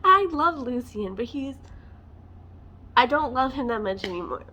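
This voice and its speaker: A woman's voice: on the high side, expressive, measured pace, a bit bright. Passionate woman ranting about books. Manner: passionate, emotional, many fillers like "like". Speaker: book vlogger. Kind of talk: casual book rant to camera.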